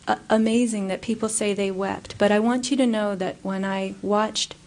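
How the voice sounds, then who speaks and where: A woman giving a public talk and answering audience questions, telling stories in an earnest, animated way. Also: mid-range voice. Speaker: guest speaker.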